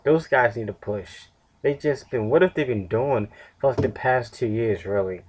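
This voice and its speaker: A man's voice: medium pitch, normal speed, a little mellow, a little hiss or hum. A tired young man casually reviewing a wrestling show on his own, rambling with fillers and self-corrections. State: tired, yawning.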